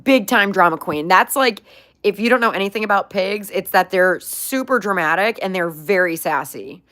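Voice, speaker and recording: Casting: young woman vlog host, chatty and upbeat, heavy "like" fillers, mid pitch. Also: moderate pace, sharp tone. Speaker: pet pig owner, channel host. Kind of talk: casual chat answering viewer questions.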